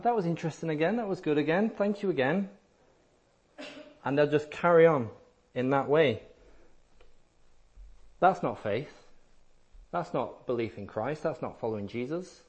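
A man's voice: medium pitch, darkish tone. A man preaching a sermon, emphatic and repetitive, sometimes acting out listeners in a lighter voice.

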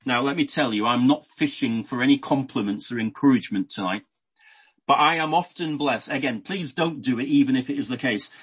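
A man delivers a sermon, working through a Bible passage verse by verse. His voice is husky at a middle pitch, and he restarts phrases as he goes, drawing on everyday examples. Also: brisk, low-quality recording. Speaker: preacher.

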